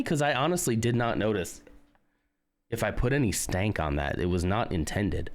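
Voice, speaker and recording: A man's voice: on the low side, animated, moderate pace. A man casually chatting on a live stream while building a model, reading out and answering chat with jokes and self-mockery.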